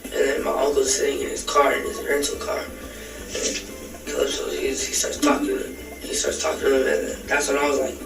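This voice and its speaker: A man being questioned in a recorded police interview, retelling events in a halting, rambling way with many restarts. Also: mid-range voice, completely flat delivery, creaky, reverberant, distant mic, music in the background, low-quality recording.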